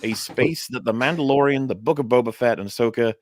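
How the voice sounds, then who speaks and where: A man's voice: mid-range voice, fast talker, a little mellow, slight background noise. A man co-hosting a casual panel chat, reading an article aloud with sardonic, profane asides. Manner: sardonic, swears freely, mocking asides. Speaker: co-host.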